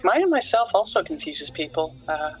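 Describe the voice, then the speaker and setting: A woman speaks with a notably low voice. She talks in a giggly, hesitant way in a casual group podcast chat. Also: very animated, moderate pace, a bit bright, poor audio.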